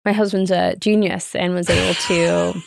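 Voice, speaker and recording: A woman's voice: on the low side, flat delivery, normal speed, gravelly, no room sound, studio quality. A woman co-hosting a casual podcast, enthusiastic and chatty, recorded on a phone. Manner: enthusiastic, says "like" a lot. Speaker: podcast co-host. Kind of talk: casual chat.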